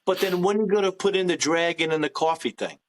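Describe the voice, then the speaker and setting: A male comedian co-hosts a casual podcast, pitching ideas and suggestions for a stand-up bit. He speaks a little high and acts out short scenes as he goes. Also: quick pace, a little hiss or hum. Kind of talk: casual comedy brainstorm chat.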